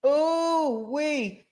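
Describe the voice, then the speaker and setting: A woman hosting a casual livestream about a trial, talking in an animated way, laughing often and acting out mock testimony. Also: high voice. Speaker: true-crime trial commentary host.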